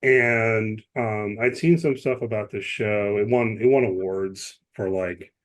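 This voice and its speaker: A man's voice: fairly low pitch, a little slow. Chatty man explaining at length. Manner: chatty, explains at length with many asides and restarts. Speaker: podcast co-host. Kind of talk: casual chat.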